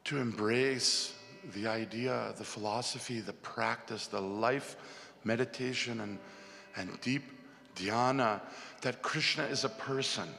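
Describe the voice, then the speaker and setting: A man giving a heartfelt spiritual talk, telling a parable slowly and tearfully, with long pauses. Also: medium pitch, creaky, sharp tone. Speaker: speaker at a devotional music festival. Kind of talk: emotional spiritual talk with a first-person parable. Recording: long hall reverb with music behind.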